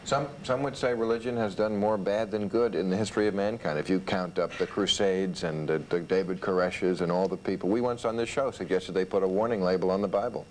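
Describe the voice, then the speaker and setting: A man's voice: deep voice, steady tone, brisk, few pauses, noisy background. A man hosting a TV panel talk show, wry and joking. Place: TV studio. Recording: TV studio with loud audience. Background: studio audience.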